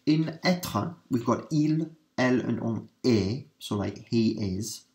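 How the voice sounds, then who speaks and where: A male teacher giving a revision lesson, repeating key words for emphasis and slowing down for French examples. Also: mid-range voice, animated, darkish tone.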